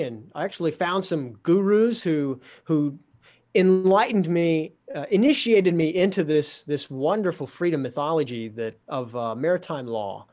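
A man telling a story in casual talk, lively, sardonic and poking fun at himself. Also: a little high. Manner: lively, sardonic, self-mocking.

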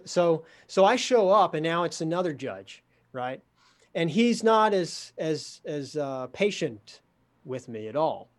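A man telling a story in casual talk, lively, sardonic and poking fun at himself. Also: fairly high pitch. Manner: lively, sardonic, self-mocking.

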